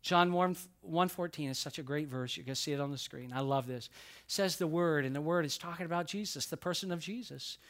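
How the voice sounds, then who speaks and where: A man's voice: on the high side, fairly quick. A male pastor preaching a sermon, mixing childhood stories and a joke with scripture. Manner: storytelling, animated.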